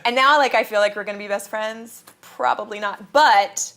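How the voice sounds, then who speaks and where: A woman's voice: mid-range voice, normal speed, a bit bright, a little hiss or hum. A woman from Kansas, a guest in a casual interview, telling stories animatedly, acting out quotes and laughing often.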